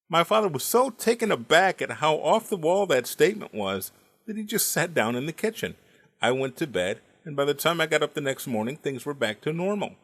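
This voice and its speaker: Here a forties-aged man performs a comedic storytelling monologue, recounting family tales wryly and landing his punchlines on cue. His mid-range voice carries a slight brightness.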